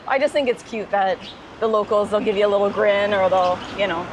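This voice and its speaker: Filming a travel vlog outdoors on a busy street, a woman chats casually and laughs often as she walks. Her mid-range voice moves briskly, and street and traffic noise can be heard in the recording.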